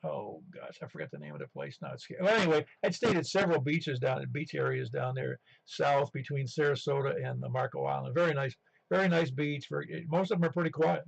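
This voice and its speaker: Gravelly raspy man on a radio net. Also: medium pitch, big pitch swings, brisk. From western New York, near Buffalo. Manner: rambling storyteller with many restarts. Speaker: ham radio net regular. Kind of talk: casual radio chat. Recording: muffled radio audio.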